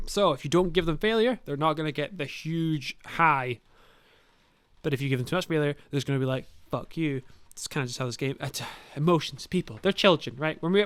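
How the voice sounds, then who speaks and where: A man's voice: fairly high pitch, a bit bright, smooth, no room sound. A young man hosting a podcast, giving blunt, sweary, rambling advice to new dungeon masters in casual talk. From Scotland.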